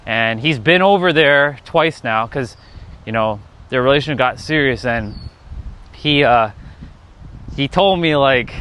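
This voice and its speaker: Guy streaming outside, talks slow and rambly, um and like a lot, some traffic noise behind. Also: medium pitch, lively intonation, sharp tone. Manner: rambling, lots of fillers, laughs at himself. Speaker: live streamer. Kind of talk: casual live-stream chat. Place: outdoors near a park.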